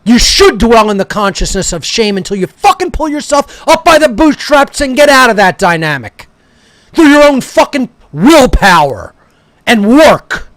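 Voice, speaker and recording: A man's voice: extremely high pitch, very animated, moderate pace, fairly bright tone, dry recording. A man delivering an aggressive, profane rant that berates his listeners. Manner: aggressive, berating, swearing constantly. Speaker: speaker. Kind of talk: profane ranting monologue.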